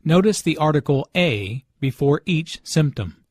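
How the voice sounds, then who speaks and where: A man narrating language notes as a teacher in slow, deliberate scripted instructional narration. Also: on the high side, lively intonation, darkish tone, slightly rough, dry recording, clean studio sound. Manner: slow, deliberate explanatory delivery.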